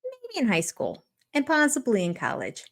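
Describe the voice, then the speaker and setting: A woman's voice: a little high, wildly swooping pitch, moderate pace. An older woman giving sarcastic, amused reaction commentary on a reality show, often laughing. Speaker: YouTube commentator.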